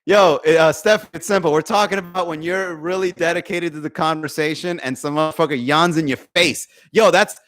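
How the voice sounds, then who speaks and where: A man's voice: fairly high pitch, fairly even intonation, normal speed, few pauses, fairly bright tone. A young adult man, a comedian hosting a casual livestream podcast, talking through a phone, reading viewer comments and acting out the voices he quotes, with plenty of swearing. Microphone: phone for live stream.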